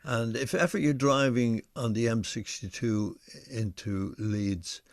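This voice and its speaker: An older man, a singer co-hosting a live video show, chatting in a relaxed, reminiscing way with many fillers. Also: medium pitch, a little slow, no room sound, clean studio sound. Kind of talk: casual chat.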